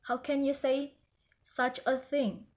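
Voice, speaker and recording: A woman's voice: fairly high pitch, steady tone, measured pace, lightly acted. A woman voicing a caring but stern mother duck in a children's storybook. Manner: motherly, firm.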